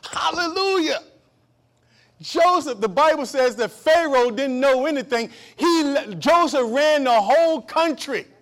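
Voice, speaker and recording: A male pastor preaching a sermon, calling out for amens and swinging from loud outbursts to low hushed asides. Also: lively intonation, a little slow, hardly any pauses. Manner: repeats and restarts phrases, calls for amen.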